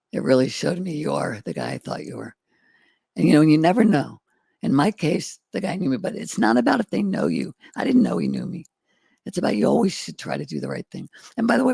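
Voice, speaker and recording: Fairly high and fry-laced, his voice is a little mellow with a breathy edge, recorded without echo. He's a middle-aged entrepreneur guesting on a candid interview, earnestly spinning folksy life stories and quoting past exchanges word for word.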